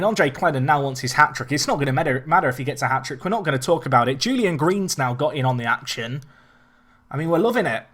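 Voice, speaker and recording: Chatty man commentating a game. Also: fairly high pitch. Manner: excitable, chatty, self-deprecating. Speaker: let's play host.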